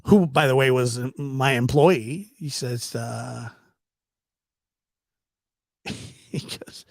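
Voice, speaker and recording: A man telling a casual anecdote, animated and chuckling as he acts out the people in it. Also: medium pitch, very slow, gravelly, long pauses, no room sound, clean studio sound. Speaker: storyteller.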